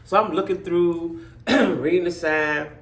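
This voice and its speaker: A middle-aged woman, telling stories to her viewers in a blunt, profane, animated way. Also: lowish voice, unhurried, roomy sound. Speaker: vlogger. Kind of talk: casual storytelling rant to viewers.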